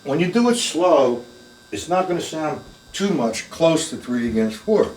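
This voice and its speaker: This older drum teacher's voice sits on the high side, with big swings in pitch, a slightly slow pace and a somewhat mellow quality. Teaching a live drum lesson in a room with a kit, he chats casually, addresses viewers by name and counts beats aloud. The sound is captured from a distance in an echoey room, with music in the background.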